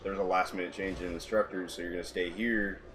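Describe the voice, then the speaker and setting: Deep-voiced man telling easygoing stories. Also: fairly even intonation, fairly quick, a little hiss or hum. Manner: easygoing, laughs often while telling anecdotes. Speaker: podcast guest, former Marine. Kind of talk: casual storytelling.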